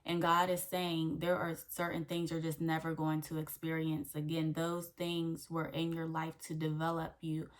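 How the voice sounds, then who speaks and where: A woman's voice: sits low, completely flat delivery, moderate pace, few pauses. A young woman hosting her faith channel, giving an earnest devotional teaching that repeats key phrases and checks in with "okay?". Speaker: faith coach and channel host.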